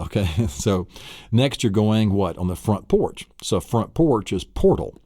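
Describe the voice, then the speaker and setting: A man's voice: lowish voice, animated, moderate pace, warm tone, dry recording, studio quality. A middle-aged man teaching an audio memory lesson, enthusiastic and laughing often. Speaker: memory course instructor.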